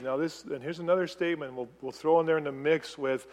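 Animated male preacher in an echoing hall. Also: fairly high pitch, brisk, few pauses. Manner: animated preaching, asks the congregation questions. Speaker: pastor. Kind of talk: sermon.

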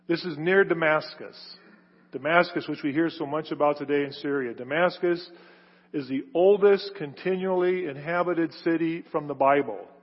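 A preacher with a fairly high, husky voice delivers an emphatic sermon, swelling on key words and then sinking to a hush. His voice rings with a long hall reverb, and the recording sounds dull and lo-fi. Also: moderate pace. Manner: emphatic, builds to loud stressed phrases then drops low.

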